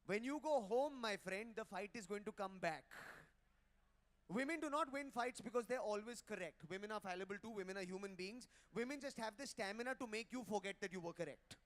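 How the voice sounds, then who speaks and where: A man doing live stand-up, brash and teasing as he works the crowd on a handheld mic at a hotel ballroom event. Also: sits high. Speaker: stand-up comedian.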